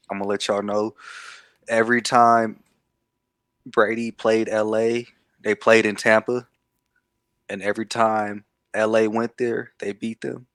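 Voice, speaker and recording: A man with a somewhat low voice talks sports picks bluntly and with conviction. He swears freely and sounds completely sure of his calls. The sound is dry and close. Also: a bit bright, dry recording. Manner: emphatic and blunt, swears freely, confident predictions. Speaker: co-host. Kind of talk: casual sports betting chat.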